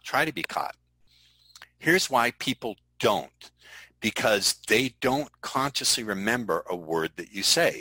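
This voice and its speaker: A man's voice: on the low side, sharp tone, no echo, low-quality recording. A middle-aged man teaching sales in an online webinar, emphatic and repetitive, drilling key phrases over and over. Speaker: sales trainer.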